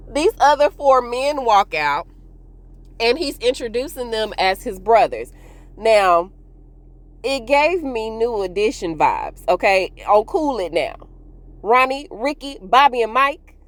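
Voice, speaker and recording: Animated woman chatting through a TV recap. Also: on the high side, no echo. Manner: chatty and expressive, laughs often, addresses viewers as y'all. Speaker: TV recap host. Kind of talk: casual TV recap monologue.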